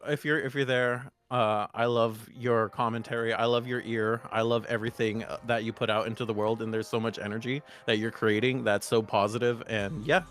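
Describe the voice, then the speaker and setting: A man chatting as a guest over a video call, rambling with deadpan jokes. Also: mid-range voice, a little fast, few pauses, soft background music. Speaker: guest musician. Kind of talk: casual chat.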